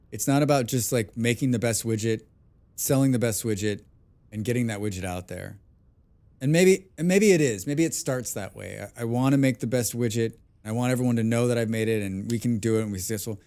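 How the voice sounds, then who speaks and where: A man chatting loosely during a live gaming stream, wandering from thought to thought. He restarts sentences often and swears bluntly without much fuss. The talk stays relaxed and conversational. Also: mid-range voice, fairly quick. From abroad, lives outside his birth country. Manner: rambling, thinking aloud with many restarts. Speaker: game streamer. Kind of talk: casual live-stream chat while gaming.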